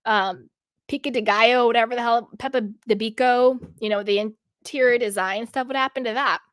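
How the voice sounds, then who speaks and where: Woman, fairly high voice, sassy and opinionated, chatty reality TV recap, dry close sound. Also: fairly even intonation, normal speed, no room sound. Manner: sassy, opinionated, rambling with "like" and "you know". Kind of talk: casual chatty TV review.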